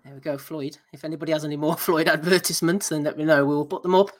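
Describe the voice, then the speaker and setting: A man's voice: on the high side, steady tone, very fast. A man hosting a casual boxing podcast, reading out listener nominations with dry, mocking asides. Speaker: podcast host.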